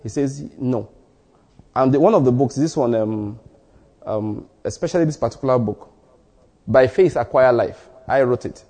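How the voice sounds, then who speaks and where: A man preaching a sermon as pastor, telling stories and acting out short exchanges, with sudden rises in pitch for emphasis. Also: normal speed, dark tone. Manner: storytelling, acts out dialogue in asides.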